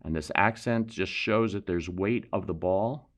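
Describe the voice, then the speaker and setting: A man teaching a painting demonstration, explaining terms in a relaxed way and thinking aloud as he works. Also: deep voice, measured pace. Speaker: painting instructor.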